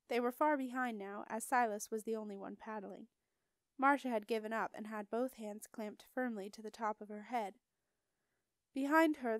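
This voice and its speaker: A woman reading a children's audiobook in an even, clear storytelling manner. Her voice sits a little high. The recording is dry and close, with no room sound. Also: dry recording. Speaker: audiobook reader. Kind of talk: audiobook narration.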